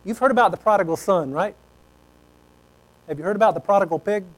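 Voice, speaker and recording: A male preacher tells a story in a folksy, conversational way. His voice sits high for a man. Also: brisk, rough recording. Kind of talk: sermon.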